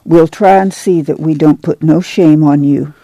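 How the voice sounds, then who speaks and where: A woman voicing a weathered, calm and wise farm mother with a soothing drawl. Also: low voice, moderate pace, vocal fry, no room sound, rough recording. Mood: gentle.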